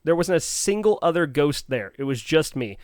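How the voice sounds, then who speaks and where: A man co-hosting a podcast, telling a story in a casual, animated, playful way and quoting other people in quick bursts. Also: fairly high pitch, dry recording, studio quality. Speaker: podcast co-host.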